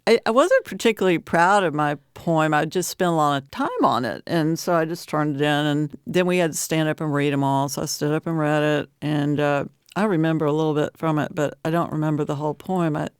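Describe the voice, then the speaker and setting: A woman's voice: low voice, clear, resonant tone, dry recording, clean studio sound. A middle-aged woman poet from Appalachian Virginia, chatting reflectively as an interview guest and laughing often. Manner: reflective, laughs often, speaks slowly at times. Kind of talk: casual interview chat.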